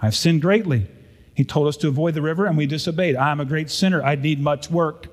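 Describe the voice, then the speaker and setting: A man's voice: on the high side, fast, in a large hall, natural voice. A man doing a stubborn, self-righteous rock-stacking brother. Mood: indignant. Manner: indignant, insistent declarations. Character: zealous younger brother stacking rocks, proud and stubborn.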